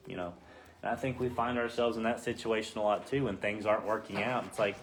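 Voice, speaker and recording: A man leading a casual Bible study, acting out the quoted voices with rising pitch. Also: steady tone, brisk, a little hiss or hum.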